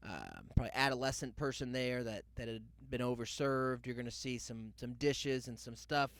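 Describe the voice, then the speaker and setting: A young man hosting a podcast tells a loose comic story full of tangents and mock quotes. His medium-pitched voice is a bit bright, with lively intonation and a moderate pace.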